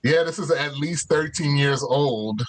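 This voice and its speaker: A guest cook chats casually over a video call while cooking in his home kitchen, rambling in a laid-back way with plenty of fillers. His fairly high voice moves a little slowly, and the audio from his laptop mic is poor.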